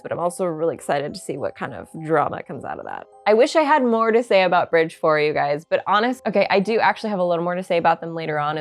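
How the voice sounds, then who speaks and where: A woman giving a casual book reaction, chatty and excitable, with lots of fillers. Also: mid-range voice. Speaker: book reviewer.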